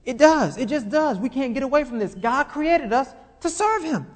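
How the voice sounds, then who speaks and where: A man preaching to a congregation in a voice pitched well above most men's. He builds his points by repeating phrases and firing questions at the room. His words trail off into a long church-hall reverb. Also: expressive, normal speed. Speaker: pastor. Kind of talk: sermon.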